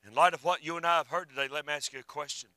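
A male preacher delivering a sermon. His voice is high and very bright, and it swings from fervent swells down to near-whispers. The sound is dry and close. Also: fairly even intonation, rapid-fire, dry recording, rough recording. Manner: fervent, rising and falling, drops to a hush.

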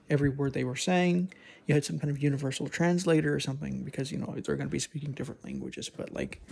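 A man's voice: on the high side, vocal fry, dark tone, husky. A man talking alone on a casual podcast, thinking aloud and rambling with frequent restarts. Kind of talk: casual solo monologue.

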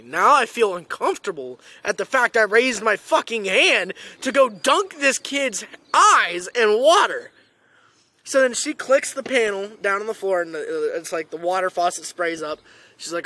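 A young man hosting a casual chat, telling school stories with lots of swearing and loud acted-out quotes. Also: high-pitched, normal speed. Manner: animated, swearing, acts out quotes loudly.

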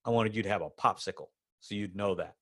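A man quoting his young son as an earnest, serious five-year-old boy in a low little voice. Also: fast, a bit bright.

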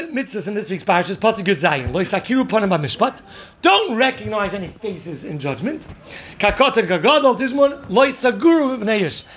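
A man, a rabbi, teaching a class on the weekly Torah portion, telling stories lively, acting out the people he quotes and mixing in Hebrew and Yiddish terms. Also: high voice.

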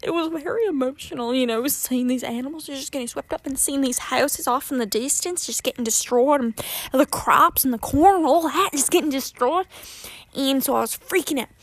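A woman telling a personal story in a casual, animated way, often dramatizing her panic and laughing at herself. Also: high voice, moderate pace.

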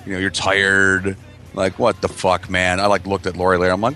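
Bright-voiced profane man telling stories. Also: low-pitched, fairly even intonation, moderate pace, soft background music. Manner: profane, laughing, acts out quotes. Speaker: podcast regular. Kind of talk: casual storytelling chat.

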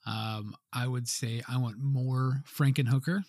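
A man's voice: medium pitch, steady tone, a little slow, a little mellow, dry recording. Easygoing male podcast co-host, dry sound. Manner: easygoing, laughs often. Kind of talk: casual movie-review chat.

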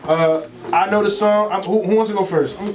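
High-voiced playful podcast host. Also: male voice, steady tone, fairly quick. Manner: playful, hypes up guests. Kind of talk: casual podcast banter.

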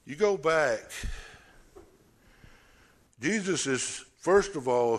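A man's voice: fairly high pitch, animated, drawn-out words. A man preaching a sermon, telling the story with animation and acting out scenes.

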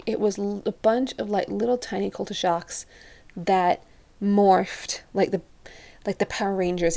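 Chatty young woman with a gravelly voice. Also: medium pitch, fairly even intonation, normal speed, warm tone. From Europe. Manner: chatty, says "like" constantly, acts out quotes. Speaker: vlogger. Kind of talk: casual storytelling to camera.

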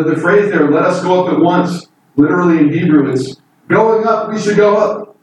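Guy preaching, fairly high voice, sounds far from the mic in a big echoey room. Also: darkish tone, slight background noise. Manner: earnest, emphatic, rising pitch on key points. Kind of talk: sermon.

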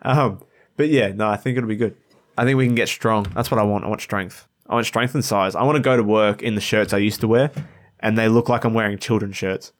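A man's voice: lowish voice, steady tone, fairly quick. A young man, co-hosting a podcast in laid-back, joking casual chat. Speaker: podcast co-host.

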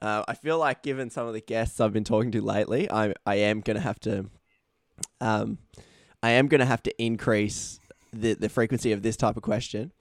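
A man's voice: on the low side, moderate pace, no room sound, studio quality. A man hosting a casual podcast interview, chatty and teasing his guest. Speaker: podcast host.

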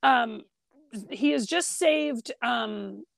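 Woman co-host with a gravelly, fairly high voice and a dry, close sound, chatty. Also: extremely slow, no room sound. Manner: chatty, laughs often, acts out quoted lines. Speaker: podcast co-host. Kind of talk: casual chat.

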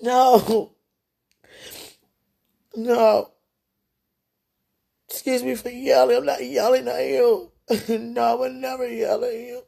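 A woman talks straight to God on her livestream, her voice gravelly with a husky edge. She moves between soft, murmured prayer and tearful pleading in a loose, heartfelt monologue. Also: a little high, fairly even intonation, slow pace, long pauses.

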